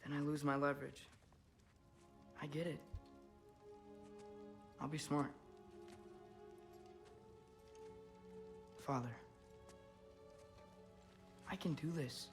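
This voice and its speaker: A man's voice: on the high side, steady tone, slow pace, long pauses. A young man voicing an earnest teenage game hero, tender with his pet wolves. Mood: determined. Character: earnest young male hero, gentle with animals. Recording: game audio with clear music.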